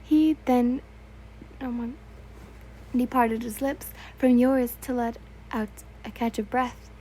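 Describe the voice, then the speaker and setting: Young woman reading fanfic out loud, stumbles and corrects herself a lot, warm mellow voice. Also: on the high side, steady tone, takes it slowly, slight background noise, rough recording. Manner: casual, stumbling reading with self-corrections and asides. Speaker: fan fiction reader. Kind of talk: reading fan fiction aloud.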